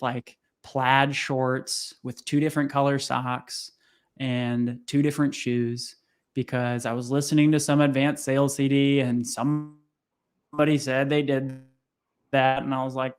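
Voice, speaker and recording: A young man with a smooth, slightly slow voice is a podcast guest and sales coach. He tells a personal story in casual conversation, animatedly acting out what people said by raising his voice into high tones for the quotes.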